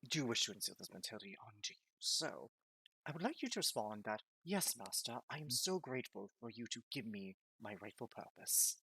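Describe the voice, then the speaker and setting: A man's voice: mid-range voice, animated, pushed and bright, slightly rough, heavily acted, poor audio. A man playing a pompous self-styled intellectual captor. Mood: condescending. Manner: haughty, slow and commanding. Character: pompous condescending male captor who styles himself an intellectual.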